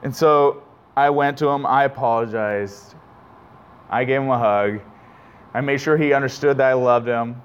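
A man's voice: medium pitch, moderate pace, clear, resonant tone, dull audio. A man preaching a sermon, telling an earnest, self-reflective story from his own family life with many restarts.

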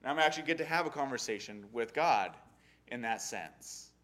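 Bright-voiced man teaching a Bible story. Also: medium pitch, normal speed. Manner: animated, acting out the characters' lines. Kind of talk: casual sermon on a Bible story.

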